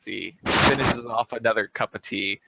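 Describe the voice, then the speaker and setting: A man narrating a tabletop game as game master, describing events lively and often laughing. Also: on the low side, normal speed, creaky, heavy background noise. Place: home streaming setup.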